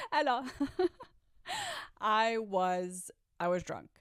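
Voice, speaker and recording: A woman's voice: mid-range voice, fairly bright tone, clear, resonant tone, dry recording, studio quality. A woman telling her own story in a candid, chatty storytime monologue, swearing now and then and talking straight to her viewers.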